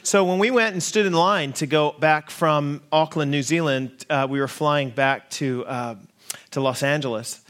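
A man's voice: a little high, normal speed, fairly bright tone. An American man in his forties, a lead pastor, telling a self-deprecating, humorous story to his congregation during a sermon. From United States.

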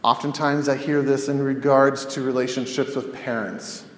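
A male counselor teaches in a conversational way, walking through scenarios and posing rhetorical questions for a teaching podcast. His mid-range voice is flat and moves at a normal speed, with a little hiss or hum. The room is echoey, with long reverb.

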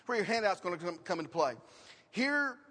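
A man's voice: high voice, sing-song, a little fast, a bit bright, husky. A man preaching a sermon and teaching his congregation, with questions and emphatic repetition. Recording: long reverb of a hall.

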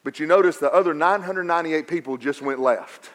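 A man preaching a sermon, swinging from quiet stretches to raised, emphatic repetition. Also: a little high, fairly quick. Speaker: pastor.

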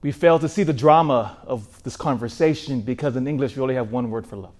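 A man preaching a sermon in an animated way, asking his listeners rhetorical questions. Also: mid-range voice, a little fast.

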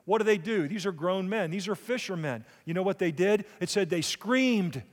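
A man's voice: high-pitched, animated, moderate pace, hardly any pauses, big-room sound. A man preaching a sermon in church, asking the congregation rhetorical questions. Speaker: pastor.

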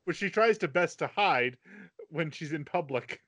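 A man with a somewhat high voice, talking casually on an anime podcast. He explains plot details at an easy pace and breaks in with brief agreeing remarks. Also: animated, a little slow, a bit bright. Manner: chimes in with short backchannels, then explains plot points. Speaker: podcast co-host. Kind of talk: casual chat about anime.

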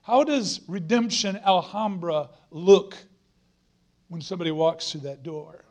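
A man's voice: high-pitched, unhurried, a little mellow. A middle-aged man preaching a sermon as a guest preacher, earnest and emphatic, repeating phrases for stress.

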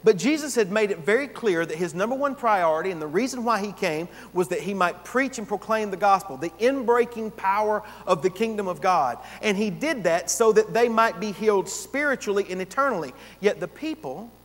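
A man with a high-pitched voice preaching a sermon, leaning hard on key words and then dropping soft. He pauses for effect and swings his loudness widely. His voice carries a long reverb, as in a large church hall. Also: lively intonation. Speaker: pastor.

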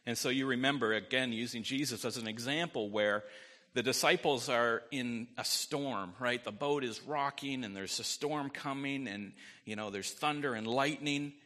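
A man's voice: mid-range voice, normal speed, bright, forceful tone, long reverb tail. A man preaching a sermon as pastor, in a conversational way, often asking "right?" and adding light jokes.

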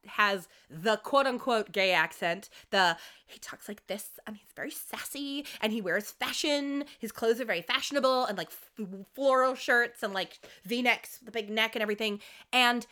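A woman co-hosting a podcast, recapping a TV show in casual chat with lots of asides. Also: a little high. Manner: chatty, animated, with frequent asides. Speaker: podcast co-host.

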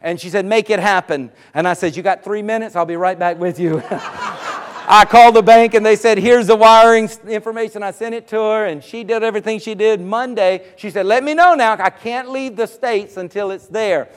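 Male pastor with a high voice, preaching from the pulpit, lively storytelling. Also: brisk, hardly any pauses, clear, resonant tone. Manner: animated, rises to exclamations of praise. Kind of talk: sermon storytelling.

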